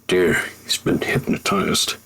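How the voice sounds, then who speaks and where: A man's voice: takes it slowly, pushed and bright. A man narrating a tabletop game as game master, in a theatrical, joking way.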